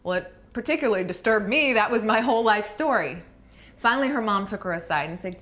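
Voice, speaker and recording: Brief: adult woman, heartfelt storyteller, slows and hushes on key moments. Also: mid-range voice, animated. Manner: heartfelt, slows down for emphasis, softens to a hush. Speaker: speaker telling a personal story. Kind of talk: emotional personal storytelling talk.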